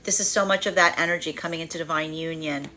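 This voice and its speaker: A woman reads tarot cards on a live stream, her voice low-set but bright and forward. She rambles with many fillers and slips into playful put-on voices for the energies she describes. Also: quick pace. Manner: animated, acts out quoted inner voices with fillers and laughs. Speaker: tarot reader.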